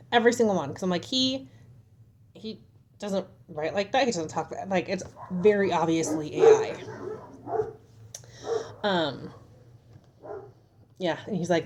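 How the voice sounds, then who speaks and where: A woman's voice: medium pitch, a little mellow, slight background noise. A young woman venting casually to the camera at home, frustrated and exasperated as she retells an argument. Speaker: vlogger. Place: home, at a table.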